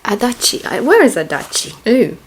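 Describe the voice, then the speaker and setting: A woman's voice: on the high side, big pitch swings, moderate pace, faint music behind. A young woman vlogger chatting casually and musing to herself as she reacts. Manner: chatty, musing, self-reflective.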